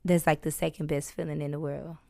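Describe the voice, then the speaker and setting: Candid, animated woman rapper. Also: sits low, a little fast, gravelly, no echo, studio quality. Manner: lively, profane storytelling with laughs. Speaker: rapper, interview guest. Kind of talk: casual interview chat.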